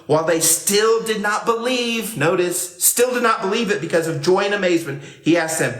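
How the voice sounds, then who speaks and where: Male pastor, sermon, chatty delivery, acts out quotes, slightly high voice, roomy echo. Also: moderate pace, hardly any pauses, a bit bright. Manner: conversational preaching, acts out quoted lines. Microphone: camera.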